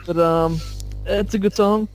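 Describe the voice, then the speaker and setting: A man in a casual music discussion, animated and jokey, often laughing at his own stories. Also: sits high, unhurried. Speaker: podcast panelist called Captain.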